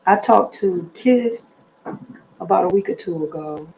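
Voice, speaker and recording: A middle-aged woman with a heavy, lowish voice and some vocal fry hosts a livestream from her apartment, chatting casually at an unhurried pace. She meanders, piles on fillers, and loses her train of thought. Her tone is a little mellow, the highs are cut off, and there's a faint hiss or hum.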